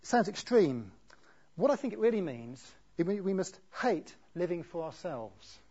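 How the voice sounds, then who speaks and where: A man preaching a sermon in a conversational way, often asking rhetorical tag questions, with a husky voice. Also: high voice, sing-song, normal speed, mellow. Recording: dull lo-fi recording.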